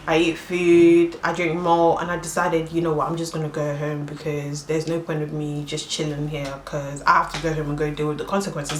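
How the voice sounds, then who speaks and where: A young woman telling a personal story in a casual vlog, animated and quick to act out what people said in excited high voices. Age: young adult. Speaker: vlogger. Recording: echoey room, faint background noise.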